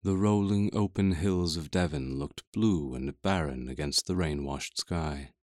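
A man reading a first-person audiobook in a measured, brooding and introspective way. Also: very deep voice, a little mellow, no room sound, studio quality. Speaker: audiobook narrator.

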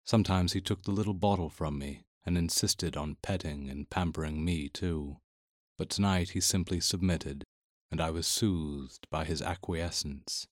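A man reading first-person audiobook narration in a measured, intimate way. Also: low-pitched, dry recording, clean studio sound.

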